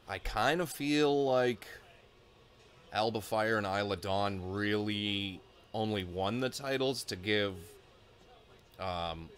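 A man's voice: on the low side, a bit bright. A man casually reacting live to a wrestling match, thinking aloud with frequent fillers and side comments.

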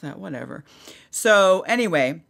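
Animated woman telling her story. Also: on the low side, normal speed, vocal fry. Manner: animated, laughing, acts out quotes. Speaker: podcast host. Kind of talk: personal storytelling.

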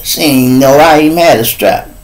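A man hosting a live street show, telling a profane story in heavy slang, swinging between loud outbursts and low asides. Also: normal speed, low-quality recording.

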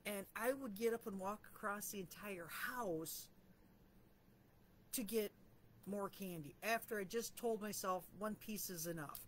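A woman's voice: medium pitch, fairly bright tone, slight background noise. A middle-aged woman talking in a casual, candid and self-deprecating way as she reflects in her vlog. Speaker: vlogger.

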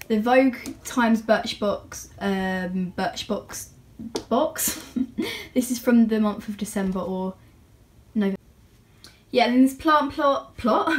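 A teenage girl giving a casual room tour, chatty and gushing, sometimes dropping to a soft near-whisper. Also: on the high side. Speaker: vlogger. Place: bedroom at home.

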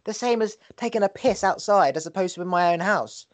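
A man's voice: high-pitched, brisk. A man, a podcast guest chatting casually in a crude, jokey, laid-back way.

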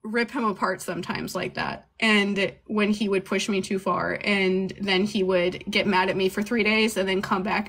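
A woman's voice: medium pitch, steady tone, moderate pace, vocal fry, few pauses, a bit bright. Podcast co-host, woman, loose rambling delivery, frequent laughs, casual swearing.

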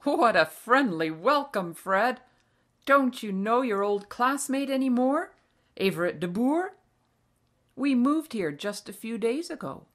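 Brisk warm dad in a storybook, loud and lively, read by a woman, unhurried. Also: fairly high pitch, pitched above the performer's own voice. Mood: jovial. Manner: exclaiming, raised voice. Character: Dutch father, middle-aged, brisk and warm.

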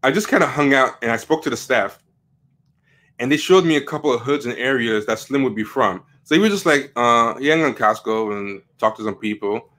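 A livestream host with a mid-range, slightly bright voice speaks fairly quickly in a casual commentary stream. He rambles with many fillers and restarts as he reads quotes aloud from the web.

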